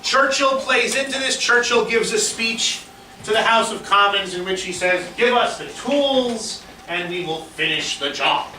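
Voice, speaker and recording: A man teaching history as a lively lecture, telling it like a story and acting out what people said, with fillers along the way. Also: high-pitched, unhurried. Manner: animated storytelling with fillers, acts out quotes. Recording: roomy echo, distant mic, faint hiss.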